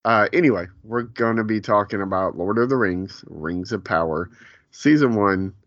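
A man's voice: fairly low pitch, moderate pace, a bit bright, no echo, muffled recording. A man hosting a podcast, chatting casually, rambling with lots of fillers and frequent laughs. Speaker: podcast host. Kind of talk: casual chat.

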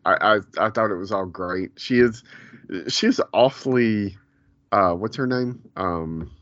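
A man's voice: fairly low pitch, unhurried, a bit bright, no echo, muffled recording. A man hosting a podcast, chatting casually, rambling with lots of fillers and frequent laughs. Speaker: podcast host. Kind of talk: casual chat.

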